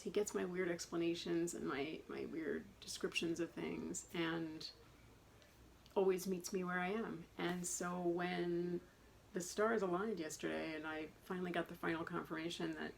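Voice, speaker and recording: A middle-aged woman vlogs casually and at great length, rambling and chatty and self-described as a talker. Her voice is low and creaky, and the low-quality recording carries faint background noise.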